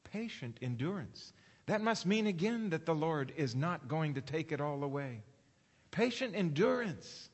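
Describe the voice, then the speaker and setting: A man preaching a sermon in a space with a long, trailing reverb. He asks his listeners question after question and slows down whenever he reads scripture aloud. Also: a little high. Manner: preaching with rhetorical questions, slowing for read scripture. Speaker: pastor.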